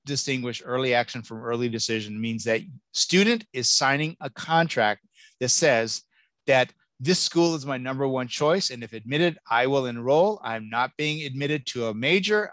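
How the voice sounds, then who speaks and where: A man giving an animated, joking college admissions talk and taking audience questions. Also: mid-range voice, no echo. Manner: lively, jokey, exclamatory. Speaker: college admissions keynote speaker.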